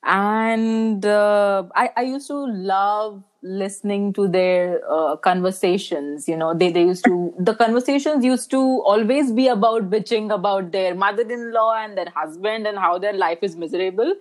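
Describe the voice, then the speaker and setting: A woman's voice: mid-range voice, moderate pace, few pauses. A young woman, a brand manager chatting as a guest on a podcast, laughing often and saying "you know" a lot. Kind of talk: casual podcast interview.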